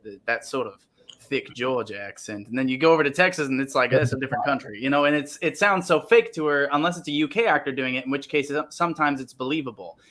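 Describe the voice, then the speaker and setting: A man's voice: fairly high pitch, fast, hardly any pauses, bright, forceful tone. An American man hosting a casual roundtable, enthusiastic and reading out viewer comments. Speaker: host.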